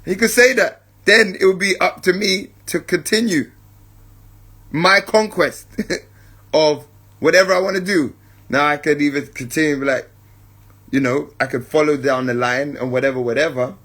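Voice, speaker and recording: A man with a husky, slightly high voice hosts a reflective spiritual podcast. He talks unhurriedly and repeats his points for emphasis. He keeps asking his listeners, whom he calls family, whether they follow him. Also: moderate pace, fairly bright tone. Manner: keeps checking in with listeners, addresses them as family. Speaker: podcast host.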